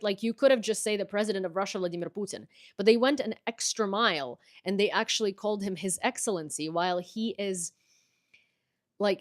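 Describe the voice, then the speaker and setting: A woman from Ukraine with an American accent, hosting a casual political commentary livestream in a blunt, sarcastic, profane way. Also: mid-range voice. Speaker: livestream host.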